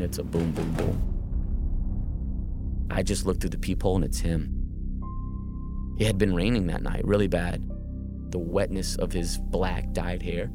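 A man telling a tense first-person true story, often stumbling and repeating words. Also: low voice.

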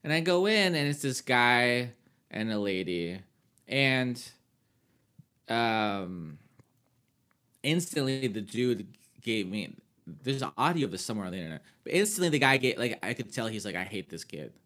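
A man's voice: medium pitch, very animated, moderate pace, fairly bright tone. A man, a comedian, chatting casually on a podcast into a close microphone, telling stories with mocking put-on voices. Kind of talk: casual chat.

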